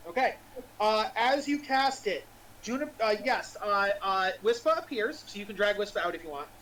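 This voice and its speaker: A woman's voice: mid-range voice, animated, moderate pace, fairly bright tone, far from the mic, poor audio. A woman narrating as dungeon master over a voice call, casual and full of fillers. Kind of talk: narrating a tabletop game.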